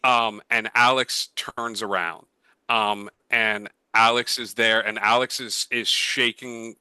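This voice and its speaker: A man's voice: lowish voice, fairly even intonation, takes it slowly, bright, forceful tone, smooth, no room sound, low-quality recording. Guy gm narrating a tabletop game, lots of uhs and likes, dry close sound. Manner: rambling, lots of fillers and restarts. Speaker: game master.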